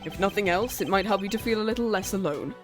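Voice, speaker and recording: A woman's voice: medium pitch, natural voice. A woman reading a formal, stiff prosecutor. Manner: measured, formal and dry. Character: stiff, formal male prosecutor, young adult. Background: faint game music.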